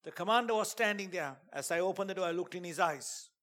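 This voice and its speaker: A man preaching a sermon and telling a dramatic testimony, dropping to a hush and then rising to shouts. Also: high-pitched, fast. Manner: dramatic storytelling, swings from hushed to shouting; preaching with emphatic call-outs.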